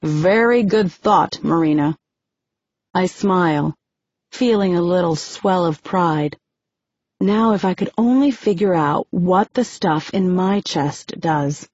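A woman narrating a novel in the first person, steady and measured, on a dry, muffled recording. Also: lowish voice, dry recording. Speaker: audiobook narrator.

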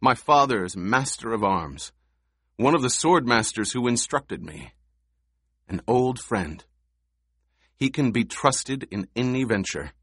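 A man reading the part of a resolute young male duke in an audiobook, speaking in a measured, quietly commanding way. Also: medium pitch, animated, breathy edge, dry recording, clean studio sound, voice pushed up, heavily acted. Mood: calm.

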